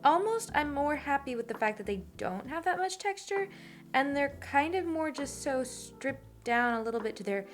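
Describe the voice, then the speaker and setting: A woman's voice: sits high, expressive, normal speed, faint music behind. A woman chatting casually and enthusiastically with her co-host while they draw together. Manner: upbeat, enthusiastic, giggly. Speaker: co-host drawing with a partner. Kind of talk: casual chat while drawing.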